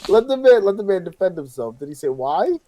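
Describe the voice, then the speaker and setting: Brief: male co-host, slightly high voice, swings up and down, short quips, dry sound. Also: sing-song, dark tone, no echo. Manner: quick reactions, laughing along. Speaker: podcast co-host. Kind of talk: casual wrestling chat.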